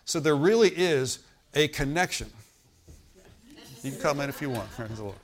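Preaching in a hotel meeting room, a man speaks at a moderate pace in a slightly high, animated voice. He repeats himself emphatically and often calls out "Amen?" to get his listeners to agree.

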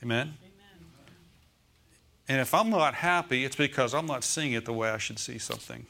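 A man's voice: mid-range voice, moderate pace, gravelly, bright, forceful tone. Male pastor, sermon, church, call-and-response asides. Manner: preaching with call-outs of "Amen?" and "Okay?".

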